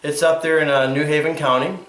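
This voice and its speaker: A man's voice: on the high side, level tone, fairly quick, a bit bright, roomy sound. A man hosting an archery video, talking in a chatty, jokey and rambling way. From Connecticut, USA. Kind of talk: casual vlog narration.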